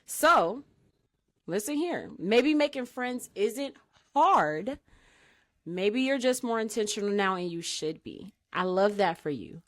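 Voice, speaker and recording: A woman's voice: medium pitch, animated, takes it slowly. A woman co-hosting a casual podcast chat, giving emphatic, preachy advice and often asking the listener for agreement. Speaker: podcast co-host.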